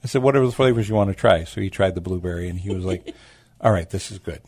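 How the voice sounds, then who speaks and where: A man, a food truck owner telling stories as a guest in a casual interview, animated and acting out the people he quotes. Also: low-pitched, quick pace, no room sound, studio quality. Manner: animated, acts out quoted voices.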